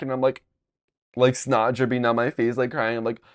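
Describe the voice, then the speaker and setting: A man's voice: mid-range voice, little pitch movement, normal speed. A young man from Long Beach, California, telling a personal story in a casual, rambling way, with many fillers and frequent swearing. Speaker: podcast host.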